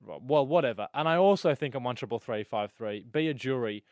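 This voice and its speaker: A man's voice: mid-range voice, lively intonation, fairly quick, no echo. A man with an Australian accent, co-hosting studio radio, teasing in a mock-stern way. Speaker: radio co-host. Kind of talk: breakfast radio banter. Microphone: studio microphone.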